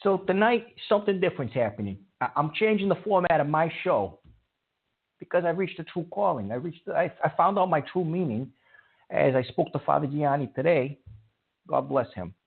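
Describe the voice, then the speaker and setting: A man hosting a call-in radio show, talking in a rambling way with many halting restarts. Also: on the high side, expressive, vocal fry, husky. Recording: tinny phone-line sound.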